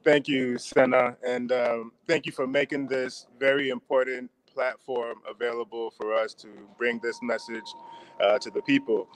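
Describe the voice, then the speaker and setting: A man who co-founded a company gives closing remarks as an interview guest. He speaks politely and at a measured pace, at a middle pitch, with faint noise in the background. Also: little pitch movement.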